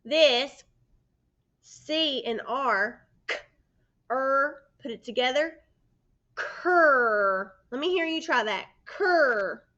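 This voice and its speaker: Woman, first grade teacher; slow, patient phonics delivery, slightly higher voice, dull lo-fi recording. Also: animated, bright, forceful tone. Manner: slow, patient, sounds out letters and prompts the children. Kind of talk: phonics lesson for young children. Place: indoors by a sunny window.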